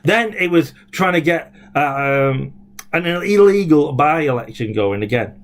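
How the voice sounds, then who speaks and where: A man's voice: fairly high pitch, expressive, unhurried, faint music behind. A man, a former local councillor, talking indignantly in a rambling video blog full of fillers and restarts. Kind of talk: casual video blog rant.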